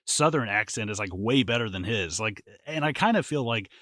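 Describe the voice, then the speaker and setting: A man's voice: lowish voice, lively intonation, fairly quick, fairly bright tone, dry recording, studio quality. A man from the American South co-hosting a podcast, chatting loosely about a movie with jokes and swearing. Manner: loose and profane, jokey. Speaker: podcast co-host. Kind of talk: casual movie discussion.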